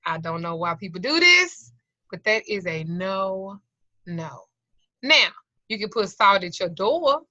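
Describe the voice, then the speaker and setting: A woman's voice: mid-range voice, very animated, a little slow, sharp tone, dry recording. A middle-aged woman teaching an occult class over a video call, swearing freely, joking and acting out little scenes. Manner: profane, joking storyteller who acts out voices. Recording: dull lo-fi video call audio.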